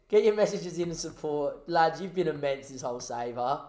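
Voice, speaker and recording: A young man giving excitable play-by-play commentary on a football video game, jumping between commentator-style shouts and quiet, choked-up asides. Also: on the high side, brisk, few pauses, roomy sound. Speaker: gaming streamer.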